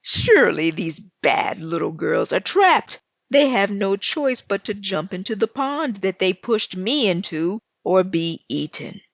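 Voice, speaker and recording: A woman voicing a sly, angry big bad wolf who speaks with slow, forced sweetness. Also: medium pitch, big pitch swings, no echo, lo-fi sound. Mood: smug.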